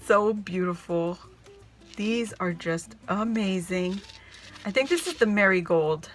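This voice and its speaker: A woman's voice: medium pitch, animated, slow pace, soft background music. A woman gushing as she opens a crafty gift package, exclaiming and laughing breathlessly to her viewers. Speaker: craft vlogger opening happy mail. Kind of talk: excited unboxing chat to camera.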